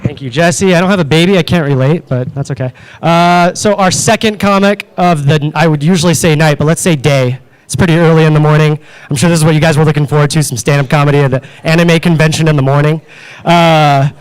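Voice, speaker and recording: A man emceeing a comedy show, introducing the next comic in a casual, loose way. His voice is smooth and a touch high. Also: steady tone, brisk, rough recording.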